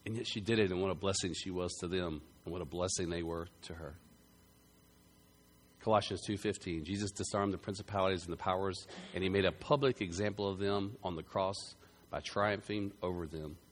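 A man preaching a sermon, telling a story with loud bursts that drop to quiet, earnest passages. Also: sits low, fairly even intonation, brisk, a little hiss or hum. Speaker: pastor.

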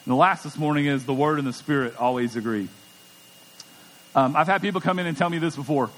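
A man's voice: fairly high pitch, quick pace, a bit bright. A middle-aged man preaching a sermon as pastor, conversational and emphatic, often repeating words as he goes. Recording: long church hall reverb.

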